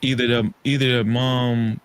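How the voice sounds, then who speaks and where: A man with a mid-range voice talks casually on a podcast. He is relaxed and thoughtful, and he often restarts his sentences and leans on "you know" as he works through his ideas. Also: medium pitch, unhurried, smooth. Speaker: podcast co-host. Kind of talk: casual chat. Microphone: studio microphone, podcast setup.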